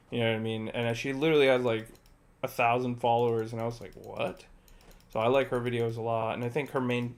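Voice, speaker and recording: A young man streaming a game and chatting casually, laid-back and heavy on filler words like "bro". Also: medium pitch. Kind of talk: casual chat while gaming.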